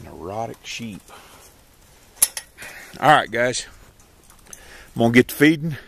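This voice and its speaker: A man's voice: mid-range voice, sing-song, slow, gravelly, very noisy. A man, casually narrating his chores outdoors in an animal pen, folksy and easygoing. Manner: folksy and rural, talks to his animals between explanations, calls dogs loudly. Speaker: homesteader filming his chores. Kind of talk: casual vlog narration while working.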